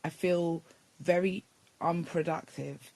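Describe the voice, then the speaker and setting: A woman from the UK joins a casual chat as a guest. She speaks slowly and easily, giggling often, with a dry, close sound. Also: lowish voice, fairly even intonation, warm tone, no room sound. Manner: easygoing, giggly.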